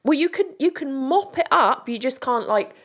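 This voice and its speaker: A woman's voice: high-pitched, animated, normal speed, a bit bright. A British woman co-hosting a podcast, reading out items in a casual, joking chat. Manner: chatty, reads out items and jokes along. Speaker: podcast co-host.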